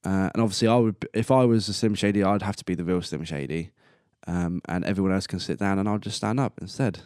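Young man, 20s, solo podcast host: very deep voice, dry close-mic sound, rambling and self-amused. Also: fast talker, darkish tone, no echo. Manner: rambling and self-amused, laughing at his own jokes. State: coughing and burping now and then. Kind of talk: casual solo podcast monologue.

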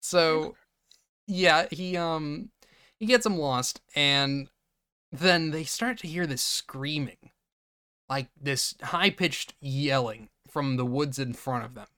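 A man's voice: on the high side, takes it slowly, clean tone. A man co-hosting a podcast, casually recapping a movie and acting out its characters' lines with frequent laughter. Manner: animated retelling, acting out lines, laughing often. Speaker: podcast co-host.

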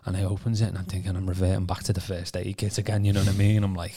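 A man from Birkenhead, telling his testimony on a podcast in a casual, animated way with stammering repeats. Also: deep voice, very fast, hardly any pauses, slightly rough. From Birkenhead, England. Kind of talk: casual storytelling.

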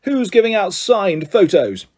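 A man's voice: sits high, sing-song, unhurried, a little mellow, voice pushed up, heavily acted. A man doing a jovial, vain teacher. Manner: jovial, pompous, patronising.

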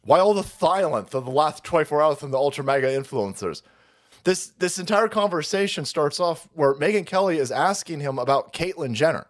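A man's voice: a little high, expressive, fairly quick. A man hosting a livestream, ranting profanely and mockingly in political commentary. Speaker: livestream host.

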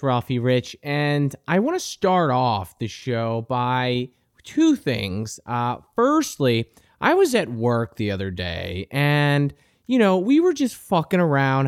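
A man's voice: medium pitch, dry recording, clean studio sound. A young man hosting a podcast, telling a profane comic story, crude and indignant. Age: young adult. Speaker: podcast host. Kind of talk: comedic storytelling monologue.

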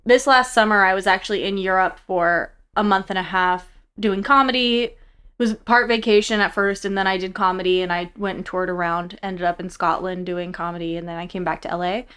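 A young woman, an actress and comedian, chatting casually as a guest at her home, telling animated self-mocking stories. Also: mid-range voice, a little fast, clear, resonant tone. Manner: animated storyteller, self-mocking, laughs often. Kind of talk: casual chat.

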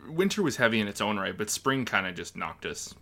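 A man co-hosting a podcast in relaxed casual chat, laughing easily as he talks. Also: fairly low pitch, a little fast, a little hiss or hum. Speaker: podcast co-host.

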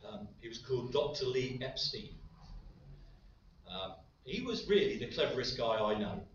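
A man's voice: mid-range voice, big pitch swings, normal speed, slight background noise. A man preaching a sermon in a light-hearted way, with joking asides. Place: large echoey church hall. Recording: very echoey, distant, dull hall recording.

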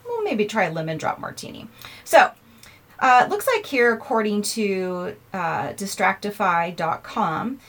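A woman's voice: medium pitch, big pitch swings, measured pace, a bit bright. Woman, podcast host, casual chat, self-mocking, laughs often. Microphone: earphones in, recording herself.

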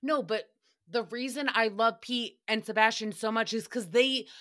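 A woman's voice: on the high side, moderate pace, sharp tone. A woman hosting a casual solo podcast, recapping another show in a sassy, chatty way, swearing freely and mocking the people she quotes.

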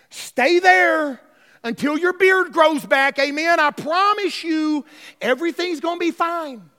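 A man's voice: very high voice, sharp tone, big-room sound. A male pastor preaching a sermon, emphatic and repetitive, calling out to his congregation. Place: church sanctuary.

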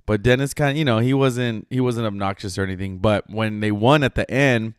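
A man's voice: lowish voice, fairly quick, clear, resonant tone, no room sound, studio quality. A man co-hosting a podcast, telling a story in casual chat, acting out the people he quotes and swearing freely. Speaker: podcast co-host.

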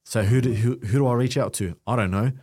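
A man's voice: medium pitch, fast talker. Australian man telling his story. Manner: animated storytelling with acted-out quotes. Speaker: guest content creator. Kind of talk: casual podcast conversation.

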